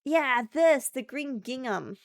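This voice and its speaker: A woman's voice: high voice, expressive, slow, dry recording, studio quality. A woman streamer chatting casually and thinking aloud while playing a game. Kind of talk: casual live-stream chat while gaming.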